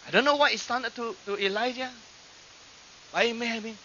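A man preaching a sermon in a high, very bright, cutting voice. He swings between loud, stretched-out lines and hushed asides, with fillers and restarts as he addresses the congregation. The sound is dull and lo-fi, like an old archive recording. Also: brisk, a little hiss or hum.

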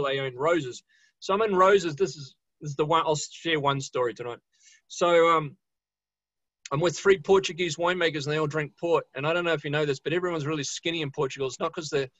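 NZ-accented man, slightly high voice, dry dull lo-fi stream sound; chatty joking winemaker host. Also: fairly bright tone, dry recording. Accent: New Zealand. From New Zealand. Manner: chatty, jokey, swears, mimics voices in anecdotes. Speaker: winemaker hosting a tasting. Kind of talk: casual storytelling at a live virtual tasting. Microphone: video call.

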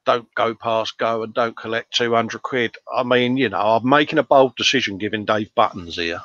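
Guy reading out chat on a live stream, bright and chirpy, bit muffled. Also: mid-range voice, normal speed, no room sound. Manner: chatty, reads viewer comments aloud in a jokey tone. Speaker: livestream co-host reading chat. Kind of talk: casual chat. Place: home workshop.

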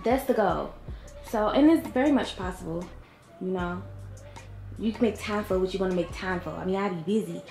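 A woman's voice: medium pitch, normal speed, darkish tone. Woman, late 20s, casual home vlogger, loose chatty delivery; roomy room sound, faint music bed. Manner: chatty, lots of fillers, drawls words. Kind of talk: casual chat to camera. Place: home bedroom.

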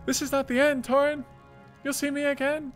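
A man voicing a scheming, treacherous young furbolg prince in a game, with a high strained whine. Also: little pitch movement, moderate pace. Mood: threatening. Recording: game music behind.

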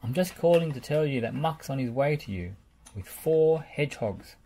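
A woman reading aloud, voicing a cheerful, steady male cartoon builder in a slightly raised storybook voice. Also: sits low, normal speed, a little hiss or hum.

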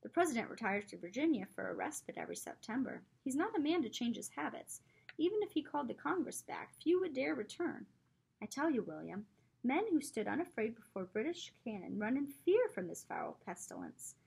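A man's voice: very high voice, sing-song, a little fast, creaky, a little mellow, slightly rough, voice pushed up, full character voice. A woman reading a fearful townsman. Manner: grave and fearful.

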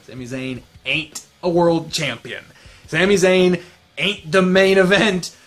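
A man hosting a casual chat, excitable and ranting with heavy swearing. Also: fairly high pitch, slow, soft background music. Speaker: host.

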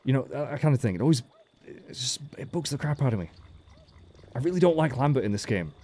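A man's voice: medium pitch, expressive, quick pace, mellow. A man giving casual, joking game commentary as a let's play host, with frequent swearing. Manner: chatty, joking, swears freely.

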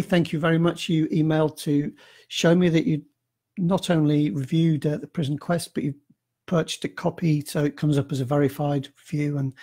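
On a live stream through a computer mic, a man with a slightly high, dark-toned voice chats casually while answering readers' emails. He rambles and pokes fun at himself, full of fillers and restarts.

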